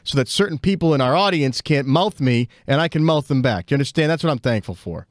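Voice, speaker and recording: A man's voice: medium pitch, expressive, fast, no room sound, studio quality. A man co-hosting a podcast, playing up a mock villain persona with lots of hesitant fillers. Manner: playful mock-heel bravado, hesitant fillers. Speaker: co-host and producer. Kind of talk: casual podcast banter.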